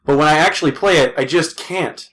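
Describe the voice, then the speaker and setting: A man's voice: a little high, brisk. A man hosting a podcast, telling a profane story in casual chat and voicing the people in it. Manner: profane, animated retelling with voiced quotes. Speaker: podcast host.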